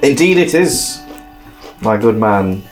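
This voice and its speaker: A man playing a tabletop game, speaking slowly and animatedly in character with loud theatrical outbursts. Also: fairly low pitch, faint music behind. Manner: slow and animated, bursting into loud theatrical cries. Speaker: player. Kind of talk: tabletop role-play.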